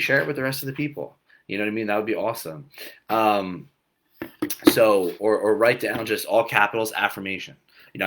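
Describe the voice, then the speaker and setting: A male fitness coach with a rather low but bright, forceful voice. He talks to viewers in an energetic, repetitive way and keeps checking in with them. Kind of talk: live motivational talk to viewers.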